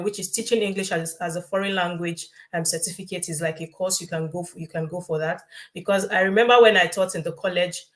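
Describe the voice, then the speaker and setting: A woman science teacher speaks on a live-stream panel, drawing on her own experience. Her voice sits fairly low, and her speech is full of hesitations and ums. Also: a bit bright. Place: works in the UK.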